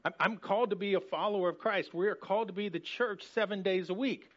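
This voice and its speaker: A higher-pitched man preaches a sermon in a conversational yet emphatic way, often restarting his phrases. The recording is dull and lo-fi, with the top end muffled. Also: quick pace. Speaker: pastor.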